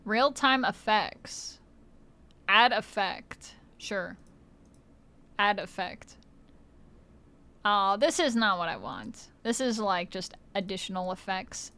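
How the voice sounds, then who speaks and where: A woman's voice: mid-range voice, slow, pauses often, pushed and bright, smooth. A woman streamer in casual livestream chat, playful, swearing freely and laughing often, on a close mic.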